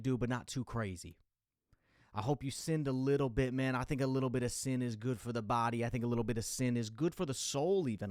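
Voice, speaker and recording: A man's voice: mid-range voice, no echo, studio quality. Laid-back man telling a funny story. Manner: laid-back, rambling, animated when recounting. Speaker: comedy podcast host. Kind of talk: casual comedic storytelling monologue.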